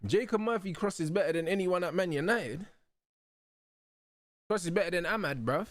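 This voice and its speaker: A young man hosting a live football watch-along, talking excitedly in heavy slang and laughing loudly. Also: sits high, normal speed, dry recording, clean studio sound. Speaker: host.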